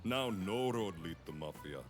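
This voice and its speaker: A man's voice: fairly low pitch, expressive, normal speed, over music, close to an everyday voice. A man putting on a blunt mafia goon with a fake Russian accent. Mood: deadpan. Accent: put-on Russian-style accent. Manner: clipped, blunt, article-dropping speech. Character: gruff male mafia goon with broken speech.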